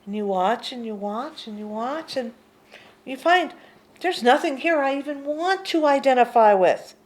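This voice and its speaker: Gentle, expressive woman teaching meditation. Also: a little high, slight background noise. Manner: gentle, unhurried, often sinking to a hushed near-whisper. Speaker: spiritual teacher. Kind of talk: reflective spiritual teaching talk.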